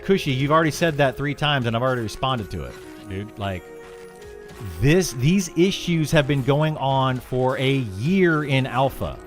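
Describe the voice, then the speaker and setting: A male streamer talking straight to his chat in a very animated, up-and-down voice, frank and opinionated. He stumbles and restarts his sentences as he gets worked up, with soft music playing under him. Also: medium pitch, normal speed. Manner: frank and opinionated, reads chat aloud then answers; restarts and stammers when heated. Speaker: game streamer.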